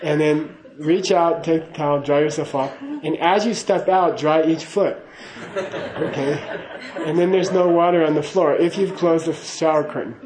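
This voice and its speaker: A man's voice: fairly high pitch, moderate pace, reverberant, crowd noise, rough recording. A man giving a casual spoken teaching to a class, chatty and laughing, often checking in with "okay?". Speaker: Buddhist teacher.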